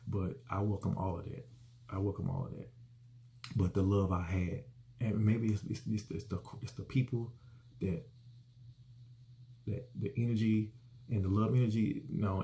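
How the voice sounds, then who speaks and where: A man's voice: on the low side, gravelly, mellow. A middle-aged man hosting his own show, talking casually and earnestly about his life, rambling and repeating himself. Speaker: host. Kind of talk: casual personal reflection.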